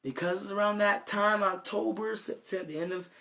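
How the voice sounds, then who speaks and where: A man's voice: high-pitched, steady tone, brisk, vocal fry, pushed and bright. A young man giving an informal, earnest devotional talk, rambling with many fillers and restarts. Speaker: self-made preacher.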